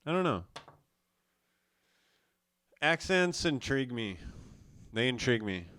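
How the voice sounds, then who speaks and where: Young man from South Dakota, live host, smooth and dry, casual self-mocking rambler. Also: mid-range voice, big pitch swings, slow, fairly bright tone, no echo. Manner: loose, profane, self-mocking.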